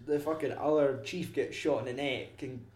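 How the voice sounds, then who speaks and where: A young man chatting casually about a film, sweary and animated. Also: mid-range voice, normal speed. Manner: sweary, animated, acts out scenes. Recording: echoey room.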